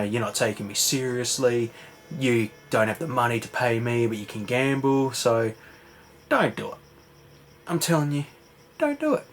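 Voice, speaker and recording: A man's voice: mid-range voice, lightly acted. A man voicing a hot-tempered mobster debt collector, quoting him loosely as he retells a TV episode. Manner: loosely quoted in casual retelling, rising to shouty warnings.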